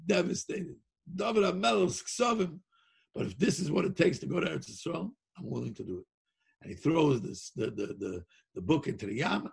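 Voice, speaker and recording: Gravelly-voiced man telling an excited story. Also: a little high. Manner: excited, laughs often, shouts at climaxes; sings a Yiddish-style tune. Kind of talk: animated Hasidic storytelling.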